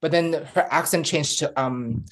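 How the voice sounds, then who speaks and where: A man who works in a hospital, a guest on a casual podcast, soft-spoken and quick to laugh. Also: fairly high pitch.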